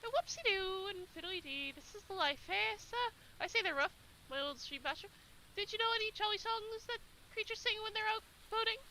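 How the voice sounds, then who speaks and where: A bubbly, posh young hare girl, as a woman reads her bursts out in high, bright, swooping exclamations. She is jolly and plummy, forever thrilled by everything around her in this storybook. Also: lively intonation, fairly quick, a little hiss or hum, heavily acted, low-quality recording. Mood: chirpy.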